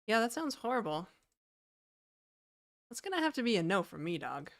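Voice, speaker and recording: A woman's voice: mid-range voice, sing-song, normal speed, a bit bright, dry recording, clean studio sound. A woman livestreaming from home, casually chatting and reading her chat aloud with easy laughs. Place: home in Toronto.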